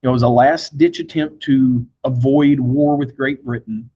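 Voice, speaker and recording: A man's voice: medium pitch, fairly even intonation, a little slow, mellow, slightly rough, muffled recording. A man teaching a history lesson in a conversational classroom style, with frequent fillers. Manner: conversational, with fillers and brief acted quotes. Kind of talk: classroom lecture.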